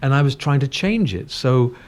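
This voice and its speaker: A man's voice: mid-range voice, sing-song, normal speed, darkish tone. Older North London man, mid-range voice, chatty and self-deprecating, radio studio guest. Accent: English, slightly Cockney and northern. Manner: chatty, anecdotal, self-deprecating, frequent restarts. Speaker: guest singer. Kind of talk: casual interview chat.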